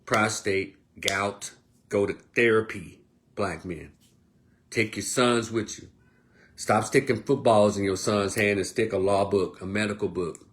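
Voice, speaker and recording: A man delivering a blunt, profane monologue as an online commentator, swinging between loud outbursts and low, quieter stretches. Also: unhurried. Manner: blunt, profane, animated rant. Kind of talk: casual ranting monologue.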